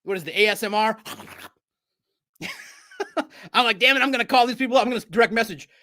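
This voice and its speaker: Animated high-voiced man talking sports. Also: brisk. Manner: animated, jokey riffs with sudden loud bursts. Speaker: sports show host. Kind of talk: casual sports commentary.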